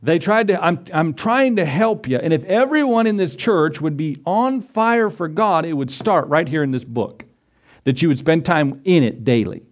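A man's voice: fairly high pitch, lively intonation, moderate pace. A man preaching a sermon in a folksy, storytelling way, acting out quotes and little scenes as he goes. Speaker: pastor.

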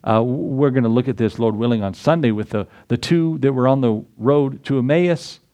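A male pastor delivers a sermon in a folksy, animated way. He reads scripture aloud and acts out little voices, chuckling as he goes. His voice sits at an ordinary middle pitch. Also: normal speed.

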